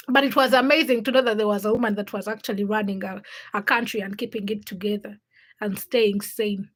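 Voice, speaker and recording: A woman's voice: mid-range voice, a bit bright, poor audio. A young woman hosting a casual live stream, chatting and laughing as she greets viewers by name. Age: young adult. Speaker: livestream host.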